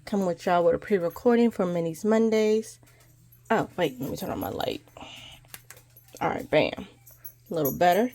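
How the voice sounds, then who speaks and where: A woman's voice: on the low side, lively intonation, normal speed, pauses often, mellow. A woman vlogger with a congested, stuffy voice, chatting casually and rambling as she goes over her budget. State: congested from allergies. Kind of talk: casual chat to camera.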